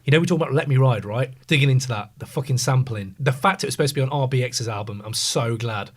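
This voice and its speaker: A man in a casual podcast debate, talking with animated emphasis and plenty of swearing. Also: mid-range voice, fast talker. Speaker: podcast panelist.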